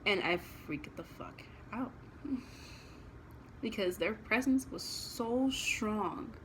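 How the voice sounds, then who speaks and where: A woman's voice: medium pitch, animated, slow, a bit bright, a little hiss or hum, poor audio. A woman vlogger telling a personal story in a casual, blunt and emotional way.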